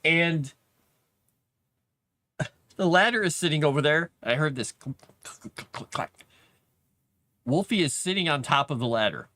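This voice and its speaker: A man's voice: fairly high pitch, expressive, a little slow, pauses often, bright, forceful tone, no room sound. A man hosting a casual live stream from his basement, chatting in a rambling way and laughing often. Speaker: livestream host. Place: home basement.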